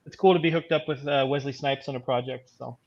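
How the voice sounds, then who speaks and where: A man who writes comics, chatting in a halting, laid-back way on a live show. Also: mid-range voice, fairly even intonation, creaky, darkish tone, highs cut off. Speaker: comic book writer, co-host. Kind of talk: casual chat.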